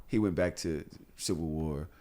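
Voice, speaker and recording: A man hosting a podcast in casual chat, telling stories in a blunt, animated and profane way. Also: a bass voice, moderate pace. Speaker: podcast host.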